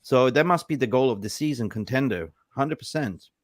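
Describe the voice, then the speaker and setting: A man hosting a casual football reaction show, excitable and full of "like, you know" fillers. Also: mid-range voice, normal speed, dry recording, studio quality. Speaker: host.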